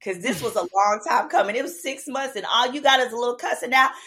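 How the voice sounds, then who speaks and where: A woman with a Southern American accent telling a personal story as a podcast guest, animated and profane, acting out quoted dialogue. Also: fairly high pitch, quick pace. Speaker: podcast guest, attorney and comedian. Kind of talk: casual storytelling chat.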